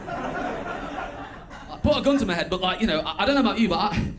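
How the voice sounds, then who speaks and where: Male stand-up, Stoke-on-Trent accent, high voice, chatty and wry, live club recording with clear hiss. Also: expressive, normal speed. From England. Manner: chatty and wry, with bursts of loud mimicry. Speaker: stand-up comedian. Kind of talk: stand-up comedy set. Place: comedy club stage before a live audience.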